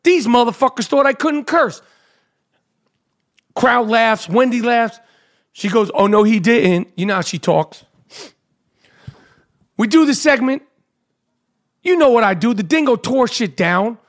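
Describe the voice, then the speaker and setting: A man from Brooklyn, hosting a podcast and telling a boastful, profanity-laden story in an animated rant. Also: very high voice, a little slow, pauses often. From Brooklyn, New York. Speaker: podcast host.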